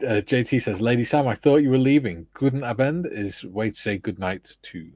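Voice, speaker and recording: A man's voice: mid-range voice, normal speed, a little mellow, husky, no room sound. A man hosting a live stream, reading viewers' chat comments aloud and adding dry quips.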